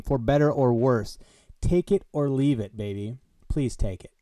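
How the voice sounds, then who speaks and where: A man hosts his solo comedy podcast, rambling from one bit to the next in a joking, mock-grandiose tone. His voice sounds smooth and clear. The recording is close and dry, with no room sound. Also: medium pitch, normal speed, dark tone, no room sound. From American Midwest. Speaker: podcast host. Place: Des Moines. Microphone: headphones on, home podcast mic.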